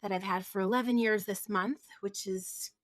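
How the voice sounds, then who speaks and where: Reflective New woman guest, close dry mic, mid pitch. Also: fairly even intonation, normal speed, no echo. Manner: thoughtful, reflective, laughs easily. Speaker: recruiting firm founder, podcast guest. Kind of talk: casual podcast conversation.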